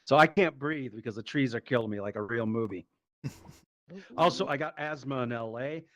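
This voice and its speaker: A man doing a stand-up set, telling a profane, animated story and acting out the quotes. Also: mid-range voice, brisk. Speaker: stand-up comedian. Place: live comedy show.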